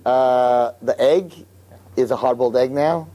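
A man's voice: mid-range voice, a little slow, dark tone, close to an everyday voice. A man doing a sarcastic, gloomy yeshiva boy. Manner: sarcastic, mocking.

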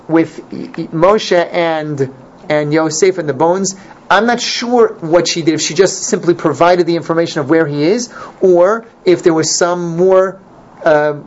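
A man teaching an informal Torah class, animated and repeating his points for emphasis. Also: fairly high pitch. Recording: dull lo-fi recording, faint noise.

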